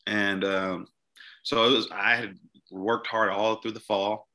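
A young man from Mississippi, a podcast guest telling a personal story in a halting way, often repeating words and restarting. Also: on the low side, level tone, pushed and bright.

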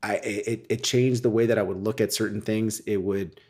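A man talking as a guest in a casual interview, telling stories in a rambling, animated way with frequent tag questions. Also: lowish voice, fairly quick. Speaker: podcast guest, real estate wholesaler.

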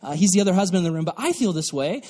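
A young man preaching a sermon to youth as a pastor, animated and acting out mocking voices. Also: high-pitched, rapid-fire. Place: church hall. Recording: long reverb from a hall.

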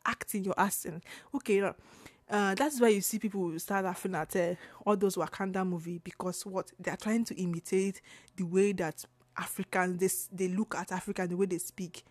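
A young woman with a strong Nigerian accent hosts her own podcast, talking in a loose, animated way and dropping into Pidgin now and then. Her voice sits at a middle pitch. The recording is dry and close, with no room sound. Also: fairly quick, no room sound. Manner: animated, laughing, frequent restarts and Pidgin asides. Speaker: podcast host. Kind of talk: casual solo podcast rant.

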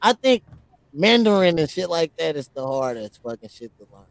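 Podcast co-host, male, high gravelly voice, loose and joking, very dry close sound. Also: very animated, moderate pace, no room sound. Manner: loose, profane, joking banter. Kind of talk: casual chat.

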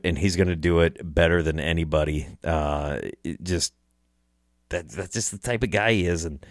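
Deep-voiced man fighting back tears. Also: steady tone, normal speed, no room sound, clean studio sound. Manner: tearful, swearing, laughs through it. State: choked up, close to tears. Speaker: hunting personality. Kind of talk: emotional personal storytelling.

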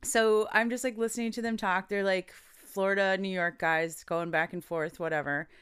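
A woman's voice: mid-range voice, moderate pace, clear, resonant tone. Chatty woman telling a story. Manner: animated storyteller quoting people, laughs often. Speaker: podcast co-host. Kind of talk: casual chat, storytelling.

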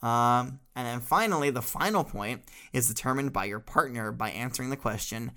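A man's voice: medium pitch, normal speed, pushed and bright. A man playing a rambling teacher in an improvised classroom comedy sketch, often laughing.

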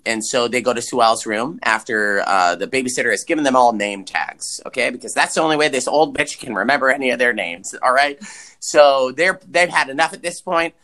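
A man co-hosting a podcast, chatting casually and swearing as he recaps a movie with big pitch swings for emphasis. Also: pushed and bright. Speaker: podcast co-host.

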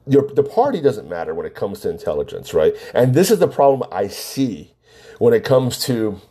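A man talking casually to the camera, animated as he acts out both sides of an argument. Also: mid-range voice, husky. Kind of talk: casual monologue.

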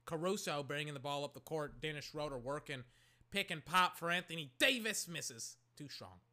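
A man from Oakland, California, casually calling a basketball game he is watching, rambling with lots of "like" and breaking into excited shouts. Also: on the high side, normal speed. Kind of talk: casual play-by-play while watching.

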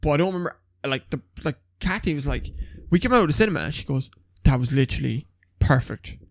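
A young man, an animated storyteller who swears freely in casual chat. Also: on the high side, very fast, no room sound, studio quality. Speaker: podcast co-host.

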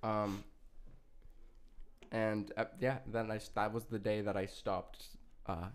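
A man's voice: fairly low pitch, level tone, slow, smooth. Young male podcast co-host, loose rambling storyteller, profane and laughing. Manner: laughing, swearing, rambling with restarts. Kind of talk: casual storytelling chat.

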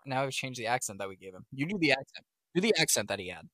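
A man co-hosting a podcast in casual chat, animated and sarcastic, laughing often. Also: mid-range voice, quick pace, no room sound, clean studio sound. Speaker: podcast co-host.

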